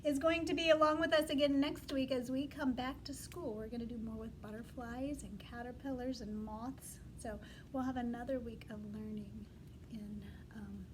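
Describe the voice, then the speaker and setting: A woman teacher reading a storybook aloud to young children, animated and coaxing, asking them to repeat words after her. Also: a little high, moderate pace, noisy background.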